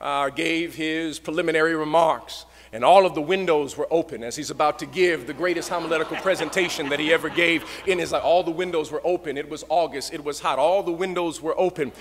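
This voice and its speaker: A male pastor giving a lecture with preached storytelling in a dramatic cadence. He swings between shouting and hushed tones. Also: a little high, a little fast, few pauses. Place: lecture hall. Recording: reverberant lecture hall.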